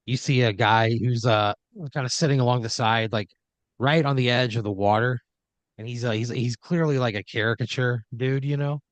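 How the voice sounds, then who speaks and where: A man with a mid-range, fairly even voice narrates an improv scene in second person as the podcast's host. He speaks at a moderate pace, rambling loosely and leaning on "like" and "you know," with no echo on the recording.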